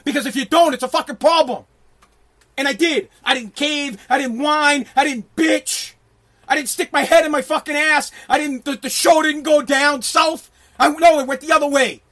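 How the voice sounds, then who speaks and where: Brash middle-aged male ranter with a strikingly high voice, profane and emphatic, prone to shouting. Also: steady tone, moderate pace. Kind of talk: ranting monologue.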